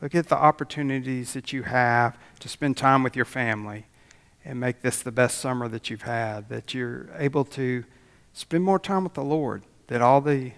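Male pastor, gravelly voice, folksy sermon, echo of a church sanctuary. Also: medium pitch, fairly bright tone. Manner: folksy storytelling with prayer. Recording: long church reverb.

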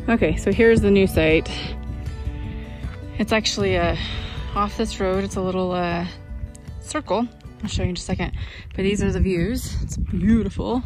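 A woman's voice: mid-range voice, normal speed, long pauses, over music. Chatty woman vlogging outdoors. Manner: chatty, enthusiastic, rambling with fillers. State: out of breath while walking uphill. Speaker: vanlife vlogger. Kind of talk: casual vlog narration and walk-and-talk. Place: outdoors on windy wooded hills. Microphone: handheld camera.

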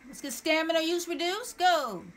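A woman streaming a game live, excitable, exclaiming and repeating words as she plays. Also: very high voice, normal speed, slight background noise. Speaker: gameplay streamer. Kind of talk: live gameplay commentary.

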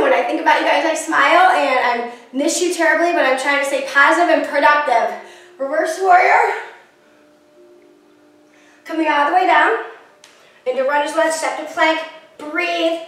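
A woman's voice: high voice, normal speed, long pauses, a bit bright. A woman teaching a yoga class, giving encouraging, chatty cues with playful asides to herself. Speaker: yoga instructor. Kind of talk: guided yoga class instruction. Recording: echoey room, from a distance, with music.

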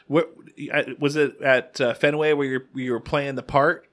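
A man's voice: medium pitch, fairly even intonation, moderate pace, fairly bright tone. A man co-hosting a podcast, asking questions in casual chat and teasing with frequent laughs. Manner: jokey, teasing, laughs often. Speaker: podcast co-host.

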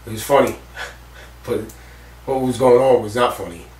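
A man's voice: mid-range voice, normal speed, darkish tone. A man telling a story in an interview, rambling and swearing freely, with lots of fillers. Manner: rambling, profane, full of fillers like "like" and "you know". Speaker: interviewee recounting a stunt accident. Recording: roomy echo, distant mic, faint background noise.

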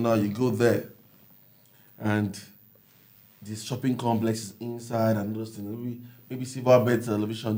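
A man's voice: on the low side, warm tone. A man from Nigeria, teasing his wife in casual banter on a couple's vlog. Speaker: vlog co-host. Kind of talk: casual chat.

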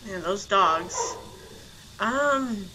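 A woman's voice: mid-range voice, animated, very slow, background noise. A woman playing a video game and commenting casually, thinking aloud and easily startled.

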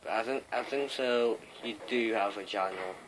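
A man's voice: lowish voice, normal speed. A man from Wales giving rambling, casual commentary while playing an online shooter, often swearing at other players. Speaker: gamer. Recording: game sounds and noise behind.

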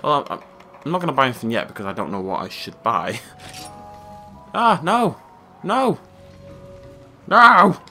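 A man narrating his own gameplay in a loose, chatty way, dry and amused as he talks to himself. His voice is bright and lively, rising and falling a lot. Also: on the low side, fast talker, faint music behind. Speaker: let's play gamer. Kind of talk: casual gameplay commentary.

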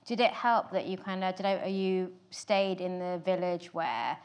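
Woman interviewer, lowish voice, questions wander with lots of "kind of". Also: unhurried, a little mellow. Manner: rambling, hedged questions with "kind of" and "you know".

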